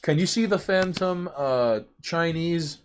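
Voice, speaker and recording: A man's voice: on the high side, takes it slowly, noisy background. A man co-hosting a casual chat show. He rambles and stumbles over his words. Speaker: podcast co-host.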